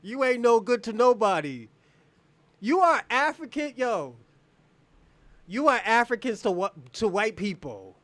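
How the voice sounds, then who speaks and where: A man's voice: very high-pitched, sing-song, measured pace, pauses often, fairly bright tone, no room sound. A man hosting a livestream, giving heated commentary and taunting viewers in a mocking way that often breaks into laughter. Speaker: livestream host.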